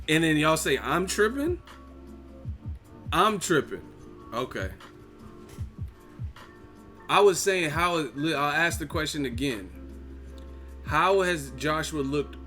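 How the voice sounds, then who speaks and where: A man hosting a boxing live stream, reading chat comments and mocking them in a casual, profane, animated way. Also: on the high side, slow pace, long pauses, faint music behind.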